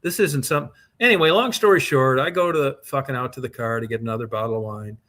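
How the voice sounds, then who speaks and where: A man's voice: medium pitch, quick pace, a bit bright. A man co-hosting a podcast, telling a long, profane anecdote in casual, rambling chat. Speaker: podcast co-host. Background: co-host's short reactions.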